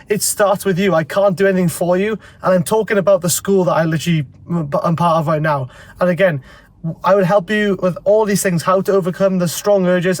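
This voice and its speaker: High-voiced man with a stuffy cold. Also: dry recording. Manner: blunt and profane, rambling. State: congested from a cold. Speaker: self-improvement vlogger. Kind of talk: casual talking-to-camera advice.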